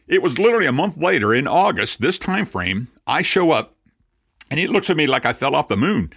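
A man in his sixties, a Messianic rabbi, preaching a sermon through lively anecdotes and dry self-mocking asides. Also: a little high, brisk, gravelly, slightly rough, no echo.

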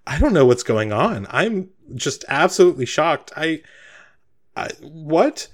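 Man doing a flustered young woman guard, high. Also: very animated, unhurried. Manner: shocked, stammering protests. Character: young female town guard, earnest and flustered.

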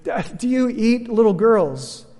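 A man's voice: expressive, slow, a little mellow. A man voicing a thirsty, frightened young girl who stammers timidly, in a long reverb. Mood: fearful. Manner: high, stammering and fearful.

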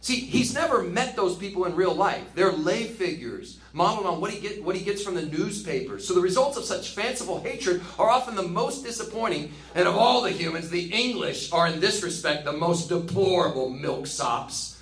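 A man leading a casual book study, chatty and animated, laughing at his own jokes. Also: sits high, moderate pace, few pauses. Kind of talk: casual teaching commentary. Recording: roomy with faint ambience.

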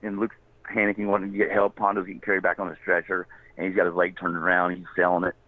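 This guest has a low voice with a completely flat delivery and no echo, heard over a tinny phone line. He rambles through a long, casual story, frequently laughing and briefly imitating other people's voices.

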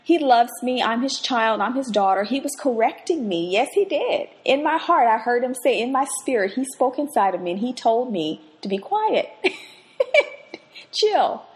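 A woman hosting a faith podcast, who moves between quiet reflection and lively personal stories as she teaches. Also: a little high, normal speed, few pauses. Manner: expressive, swings from hushed reflection to lively anecdote. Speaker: podcast host and Bible teacher. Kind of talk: devotional teaching with personal storytelling.

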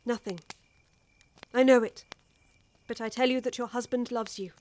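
A woman's voice: a little high, steady tone, moderate pace, a little mellow, close to an everyday voice. An actress with an English accent playing a worldly older woman who urgently pleads with a young wife, in a radio drama. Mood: impassioned.

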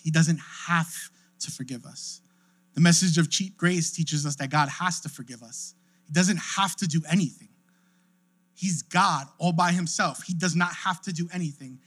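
A man's voice: a little high, a bit bright. A young adult male pastor preaching a sermon in a casual, conversational way, often checking in with the listeners. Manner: conversational preaching, frequent "right?" asides.

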